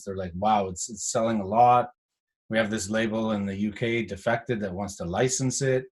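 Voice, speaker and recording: Animated man telling studio stories. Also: on the low side. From Canada. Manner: animated storyteller, acts out quotes, swears. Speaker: guest house music producer. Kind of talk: casual chat.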